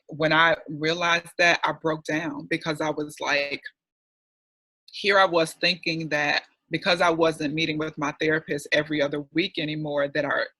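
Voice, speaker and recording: A man's voice: fairly high pitch, sharp tone, no room sound, rough recording. A man telling a candid, heartfelt personal story as a guest in an online panel discussion, chatty and full of fillers.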